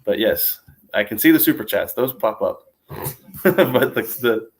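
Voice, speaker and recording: An American man from the United States hosts a livestream, chatting casually and rambling with frequent laughs. His mid-range voice is expressive and a little slow, and his manner is easygoing.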